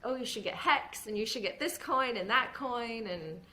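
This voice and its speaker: A woman and former news reporter, now a podcast host, talking casually in an interview, animated and laughing often. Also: on the high side, normal speed, slight background noise. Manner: animated, laughs often, mimics others in quotes.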